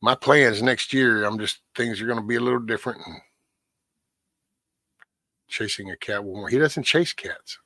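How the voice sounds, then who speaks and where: A man's voice: mid-range voice, moderate pace, pauses often, sharp tone, dry recording. A middle-aged man hosting a morning livestream, chatting casually and rambling in a folksy way with the odd curse word. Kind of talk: casual morning chat with viewers.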